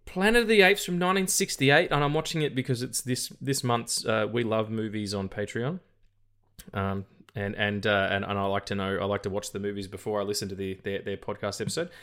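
A man with a fairly low voice talks through films on a podcast in loose, casual chat. He rambles, restarts his sentences often and swears freely, and he gets animated as he goes. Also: a little fast, clean tone. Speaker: podcast co-host.

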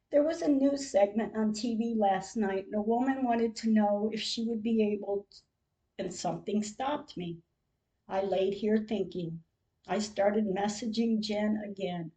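An older woman hosting a podcast, reading out a personal diary-style account in a slow, measured way, with emotional moments. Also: medium pitch, warm tone, low-quality recording. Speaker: podcast host.

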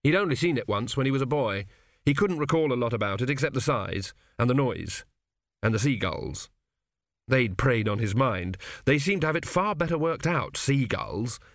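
Guy reading a comic fantasy audiobook, mid pitch, dead dry studio. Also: lively intonation, normal speed, dry recording. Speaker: audiobook narrator. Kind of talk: scripted audiobook narration.

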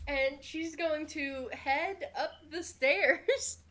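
High-voiced woman running a tabletop game. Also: drawn-out words, a bit bright. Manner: casual, hesitant with fillers. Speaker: game master.

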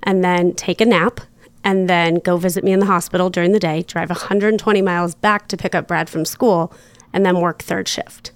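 A woman guest in a casual interview, chatty and quick to laugh, full of fillers. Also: on the low side, steady tone, clear, resonant tone, no room sound. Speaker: podcast guest.

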